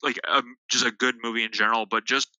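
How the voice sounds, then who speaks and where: Young man, movie chat, very bright tone, dry close mic, eager restarts. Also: mid-range voice, steady tone, fast talker, dry recording, poor audio. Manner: stammering restarts, acting out quoted dialogue. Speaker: movie reviewer. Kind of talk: casual chat.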